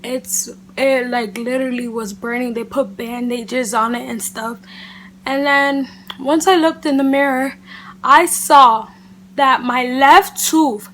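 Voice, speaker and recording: A woman with a high, bright-sounding voice recounts a personal story in a casual, chatty vlog. Her delivery is animated and loose, full of "like" and "literally". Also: normal speed. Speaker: beauty vlogger. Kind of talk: casual storytime chat to camera.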